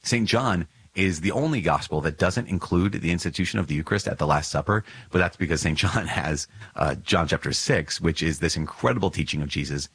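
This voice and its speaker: A man's voice: deep voice, a little fast, hardly any pauses, fairly bright tone, slightly rough, dry recording. A man hosting a religious podcast, teaching with earnest enthusiasm and telling stories with many small digressions. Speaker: podcast host.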